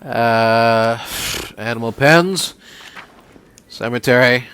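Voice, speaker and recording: A man casually commenting on a game he is playing, relaxed and rambling. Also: mid-range voice, very slow, slight background noise. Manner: relaxed, rambling with fillers and restarts. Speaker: let's play host.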